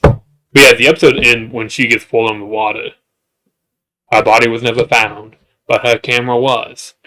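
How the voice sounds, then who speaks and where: Bright-voiced rambling man reviewer. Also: level tone, moderate pace. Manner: rambling, jokey, with asides and restarts; works up into high-pitched exasperation. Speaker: show reviewer. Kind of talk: casual comedic recap.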